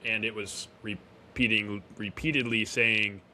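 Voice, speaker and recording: A man's voice: lowish voice, steady tone, measured pace, sharp tone, a little hiss or hum. A man casually recapping an episode as a podcast co-host, with fillers and self-corrections. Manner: acts out character lines while recapping. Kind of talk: casual review chat.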